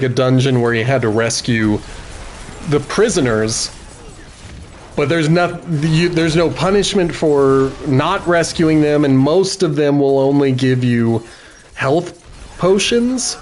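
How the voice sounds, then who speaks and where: Middle-aged male streamer, unhurried, chatty, laughs easily, casual gameplay talk. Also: medium pitch, slight background noise. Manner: chatty, laughs often, self-correcting.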